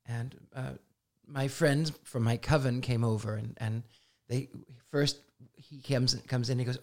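In a relaxed podcast interview, a man who is a psychic spins animated stories, often laughing and performing other people's lines. His medium-pitched voice moves a bit slowly, with hardly any pauses.

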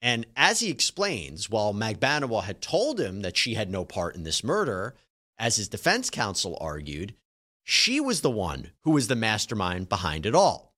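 A man's voice: on the low side, wildly swooping pitch, normal speed, sharp tone. A man hosting legal news, explaining trial testimony emphatically. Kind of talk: trial analysis commentary.

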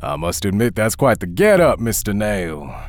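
A man's voice: medium pitch, big pitch swings, fairly quick, voice pushed up, natural voice. A man doing a skeptical celebrity judge. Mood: suspicious. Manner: skeptical, probing. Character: suspicious male celebrity country judge.

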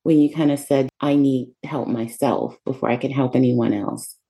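A woman's voice: very deep voice, fairly even intonation, normal speed, vocal fry, warm tone. A woman hosting an interview, who talks thoughtfully and explains a point before asking her question. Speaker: podcast host. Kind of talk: conversational interview.

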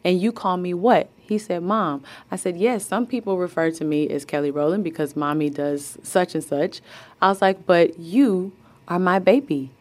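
A woman being interviewed, with a slightly low voice, chatting easily about home life. She laughs a lot and slips into little voices when quoting others, in a relaxed conversational way. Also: normal speed. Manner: laughs often, tells stories with quoted voices. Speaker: guest. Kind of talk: casual interview chat.

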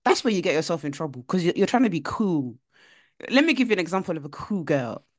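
A young woman co-hosting a podcast, telling stories with animated, playful energy. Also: fairly low pitch, fast, no echo, clean studio sound. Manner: animated storytelling, jumps into voices. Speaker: podcast co-host. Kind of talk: casual chat.

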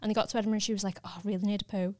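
A woman's voice: mid-range voice, level tone, very fast, darkish tone, dry recording, clean studio sound. A woman with a British accent, a podcast co-host, chatting and telling a friend's funny story.

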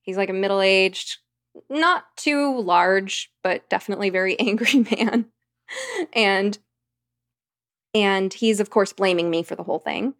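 A woman telling a story as a podcast guest, with a gravelly, fry-laced voice of middling pitch. She rambles through the tale vividly, leaning on fillers, and the sound is close and dry. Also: a little slow, no room sound. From United States. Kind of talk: storytelling in conversation.

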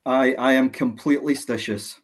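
Scottish male guest, hesitant and repetitive, mid-pitched voice. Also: steady tone, moderate pace. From Scotland. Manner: hesitant, repeats words while thinking. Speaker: podcast guest. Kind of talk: casual chat.

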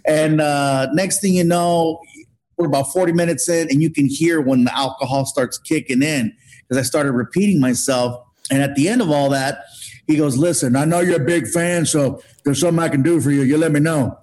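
A man telling an animated comic story as a guest, acting out what people said. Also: a little high, normal speed. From Mexican heritage. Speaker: guest comedian. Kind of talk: storytelling on a podcast.

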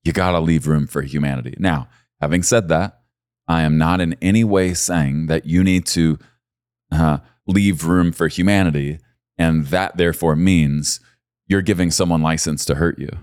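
A man preaching a sermon as pastor, swinging from low, quiet stretches to loud, high emphasis. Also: fairly even intonation, normal speed, no room sound, studio quality.

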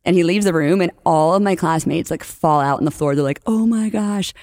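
A young woman from New Orleans, a podcast guest, telling lively stories in casual chat and acting out the lines of the people she quotes. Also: low-pitched, a little fast, no echo. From New Orleans, USA. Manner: animated storyteller, acts out quotes, laughs often.

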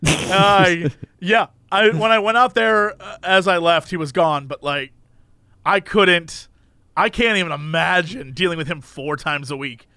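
A man's voice: high-pitched, a little slow, bright, forceful tone, smooth, no echo. A man in casual chat, telling a story and acting out the voices of the people in it.

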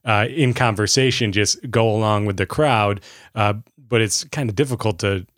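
A man's voice: lowish voice, moderate pace, a bit bright, no echo, clean studio sound. A man hosting a podcast, introducing the guest and asking a question with hesitant fillers. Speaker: podcast host. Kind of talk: interview hosting.

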